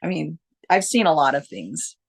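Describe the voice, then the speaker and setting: A woman's voice: low-pitched, very animated, normal speed, gravelly, breathy edge. A woman who works as a hospice nurse, telling stories earnestly in a casual interview, with frequent restarts and fillers.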